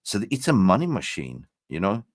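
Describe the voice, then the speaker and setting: A man guesting on a fan stream, casual and animated, swearing freely, tired after just waking up. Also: fairly low pitch, fairly quick, no echo, studio quality. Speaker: guest fan content creator.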